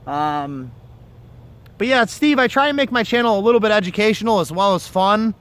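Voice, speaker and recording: A man with a high, animated, slightly bright voice hosts a fishing livestream outdoors by the water, speaking at a moderate pace. He chats casually and tells rambling, profane stories, picked up by a phone or camera mic.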